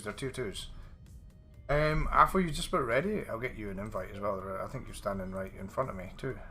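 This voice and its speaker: A man's voice: mid-range voice, sharp tone. A man live-streaming a game, chatting casually with viewers, swearing a lot and going off on rambling rants. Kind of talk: casual live-stream chat while gaming.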